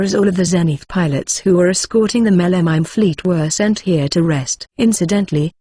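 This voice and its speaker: Husky, dry-voiced audiobook narrator. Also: mid-range voice, darkish tone, dry recording. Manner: plain, reads ellipses aloud as words. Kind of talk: reading a translated web novel aloud.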